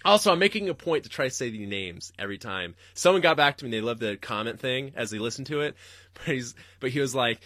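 A man hosting a podcast, ranting in a profane, rambling way and jumping suddenly into loud, high-pitched outbursts. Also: expressive, quick pace, no room sound, clean studio sound. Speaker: podcast host. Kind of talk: livestreamed comedic rant.

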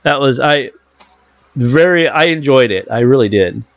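A man with a mid-pitched voice chats casually about a film. He retells scenes animatedly, with plenty of fillers. The recording sounds dry and dull, like a lo-fi home setup. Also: animated, unhurried, dry recording. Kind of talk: casual movie discussion.

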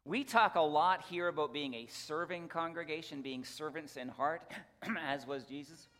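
A man's voice: fairly high pitch, normal speed, fairly bright tone. A man who is a pastor, giving a casual, folksy church announcement and then leading a prayer from the pulpit. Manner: conversational, folksy, with restarts and asides. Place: church sanctuary. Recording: long reverb of a church sanctuary.

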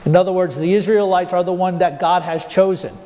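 A man with a fairly high voice delivers a sermon as pastor, recorded in a church with a long reverb. He puts questions to his listeners and draws out key words for emphasis. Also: fairly even intonation, mellow. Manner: asks the congregation rhetorical questions, slows down for emphasis.

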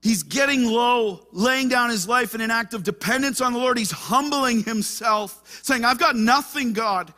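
High-voiced, bright impassioned preacher man. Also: moderate pace, hardly any pauses. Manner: impassioned preaching, swings between hushed and loud. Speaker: pastor. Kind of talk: sermon.

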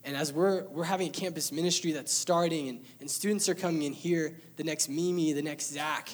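A man's voice: fairly high pitch, fairly even intonation, a little fast. A young man sharing an earnest, emotional personal testimony at a church service, with bits of light laughter.

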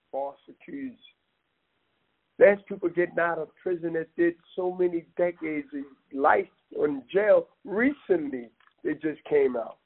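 Gravelly man on a tinny phone line. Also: on the high side. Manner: emphatic, rambling, addresses listener directly with "man". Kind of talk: impassioned casual talk.

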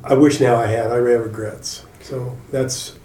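A man in a casual podcast chat, speaking earnestly and supportively, often trailing off softly. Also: mid-range voice, fairly even intonation, moderate pace, far from the mic, soft background music. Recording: roomy, off-mic sound.

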